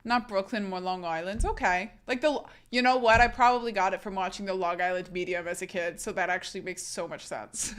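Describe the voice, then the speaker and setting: A woman's voice: medium pitch, steady tone, a little fast. A young adult woman from the United States, chatting casually on a live stream in a giggly, rambling, self-mocking way.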